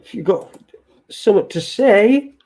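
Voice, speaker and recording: Male stream host, fairly high voice, unhurried, loose and sweary, keeps repeating himself. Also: lively intonation, vocal fry, darkish tone. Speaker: livestream show host. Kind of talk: casual live-stream chat, reading viewer comments.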